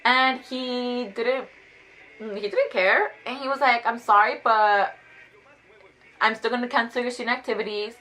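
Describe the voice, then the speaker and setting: A woman in her twenties telling a casual storytime vlog, chatty and animated, saying "like" constantly. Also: on the high side, rough recording. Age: 20s. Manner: chatty, fast, heavy use of "like", animated retelling. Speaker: vlogger.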